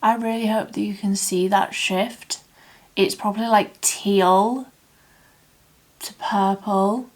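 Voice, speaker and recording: Casting: young woman vlogger, unhurried and chatty, musing aloud as she works. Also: mid-range voice, fairly even intonation. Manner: chatty, thinks aloud, laughs at herself. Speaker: beauty vlogger. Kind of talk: casual makeup tutorial chat.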